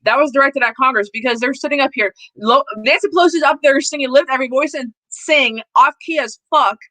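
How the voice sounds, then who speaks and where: A woman's voice: high voice, brisk, bright, forceful tone, no echo, low-quality recording. Blunt, profane woman hosting a live stream. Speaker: host. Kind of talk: casual political live stream chat.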